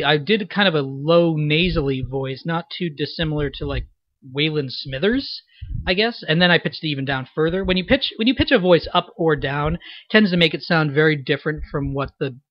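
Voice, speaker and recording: A young man talks through a commentary in a loose, rambling way, stopping and restarting his sentences. His voice sits a little high. The recording is dull and dry, with no room sound. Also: normal speed, dry recording. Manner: rambling, many fillers and restarts. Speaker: director giving a fan dub commentary. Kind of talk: unscripted spoken commentary.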